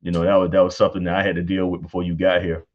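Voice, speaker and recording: A man in his thirties, a guest on a church panel, telling casual stories about fatherhood with frequent laughter and high-pitched acted-out quotes. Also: very fast, highs cut off. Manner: animated, laughs often, acts out quotes in high voice. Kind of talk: casual storytelling.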